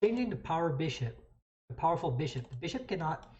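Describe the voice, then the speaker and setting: Low-voiced woman thinking aloud over chess. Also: very animated, quick pace, warm tone, highs cut off. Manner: thinks aloud, with restarts and fillers. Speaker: chess streamer. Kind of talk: live commentary while playing.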